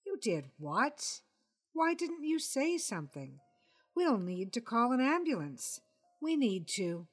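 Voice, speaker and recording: A dry, distracted wife who brushes off her husband, as a woman reads her in a story. Her tone is offhand and teasing. Her voice sits at an ordinary middle pitch. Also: sing-song, unhurried, faint music behind. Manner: offhand, dismissive.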